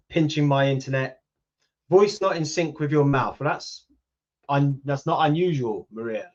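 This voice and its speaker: A man in his fifties with a British accent, chatting casually with viewers on a livestream and answering their comments. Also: a little high. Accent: British English. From United Kingdom. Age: 50s. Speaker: YouTube channel host. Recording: lo-fi livestream audio.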